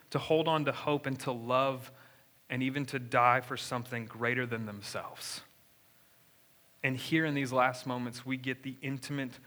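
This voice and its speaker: A man's voice: medium pitch, bright, forceful tone. A young man preaching a sermon in a church, talking conversationally and asking the congregation questions. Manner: conversational, engages the room with questions. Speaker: pastor. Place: church sanctuary.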